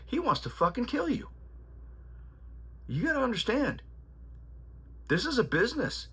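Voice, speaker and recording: A man playing his old boxing trainer, a gruff veteran coach who shouts insistent warnings at a young fighter. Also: extremely high pitch, big pitch swings, unhurried, voice pushed up, exaggerated voice. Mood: fierce. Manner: shouting, insistent, repeats himself.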